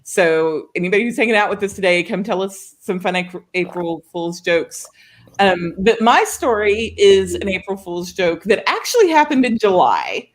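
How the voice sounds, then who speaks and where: A woman from Oklahoma co-hosting a show, telling a story in casual chat with an animated, laughing manner. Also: mid-range voice. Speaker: co-host of a writing show.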